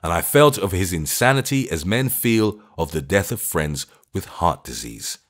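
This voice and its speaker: A man narrating a classic thriller audiobook in a measured storytelling voice. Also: low-pitched, very animated. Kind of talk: scripted narration.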